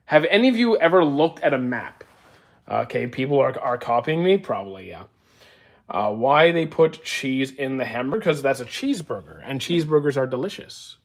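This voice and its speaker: A man in his thirties, a streamer, casually reading viewer comments aloud and answering them with dry, deadpan replies from an indoor storage room. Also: medium pitch, normal speed. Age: 30s. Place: indoor room used for storing action figures.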